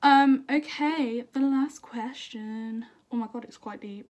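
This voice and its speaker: A woman's voice: a little high, slow pace, darkish tone. A young woman chatting to camera in a bubbly, self-deprecating way, answering viewer questions. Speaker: singer and YouTuber. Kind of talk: casual chat to camera.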